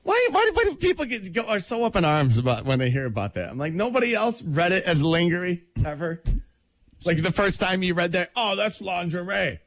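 A man's voice: high-pitched, sing-song, a little fast, no room sound. A man co-hosting a morning radio show, laughing often and stubbornly doubling down on his own jokes. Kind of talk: joking morning-radio banter. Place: radio studio. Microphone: studio mic.

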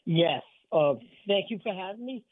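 A man's voice: high voice, animated, moderate pace, dry recording. A man calling into a sports radio show, eagerly rattling off names and stats. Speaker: caller. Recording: tinny phone line.

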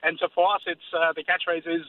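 A man telling an animated story as a radio caller. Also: on the high side, fast, no room sound. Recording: tinny phone line with faint noise.

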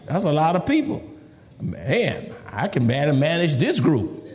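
A male preacher delivering a lively sermon, acting out scripture with laughing asides. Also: sits high, normal speed, in a large hall. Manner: animated, laughing asides, acts out scripture in a raised voice.

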